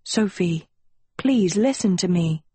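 A woman's voice: fairly low pitch, animated, takes it slowly, mellow, husky, no echo, exaggerated voice. A woman voicing an earnest teenage heroine in an audiobook, pleading and urgent. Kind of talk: audiobook character reading.

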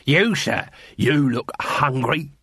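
Man doing Dibbler, a husky wheedling street hawker. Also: medium pitch, animated, fairly bright tone, no echo, studio quality, full character voice. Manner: wheedling sales patter, drawn-out hawker cries. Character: shifty middle-aged male street food hawker.

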